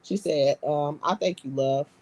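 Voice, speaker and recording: A woman's voice: sits low, unhurried, darkish tone. A woman hosting a live stream, reading viewer comments aloud and bantering in a brash, profane, streetwise way. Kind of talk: casual live-stream chat.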